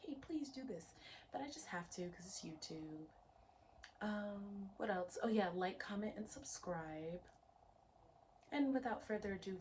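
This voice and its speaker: A young adult woman guides a spiritual tarot reading in a dreamy, emotional voice that keeps sinking into soft whispers. She takes her time, drawing out each word slowly. A faint hiss of ambient noise sits under her voice. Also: medium pitch. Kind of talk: soft-spoken spiritual channel talk.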